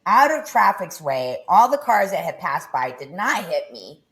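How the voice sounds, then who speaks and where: A woman's voice: very animated, a bit bright. A middle-aged woman, a podcast guest, telling her personal story with intensity and frequent swearing. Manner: intense, swearing, low and deliberate.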